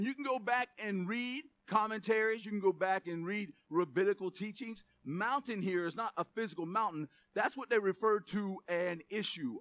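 Male pastor, high bright voice, animated sermon delivery, casual joking asides. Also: dry recording.

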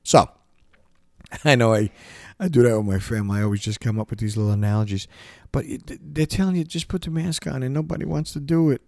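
A man's voice: medium pitch, quick pace, creaky, a little mellow, no echo, studio quality. A man hosting a podcast, delivering an impassioned monologue, stumbling and repeating himself as he presses his point. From United States. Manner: repetitive, restarts often, emphatic rants. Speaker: podcast host.

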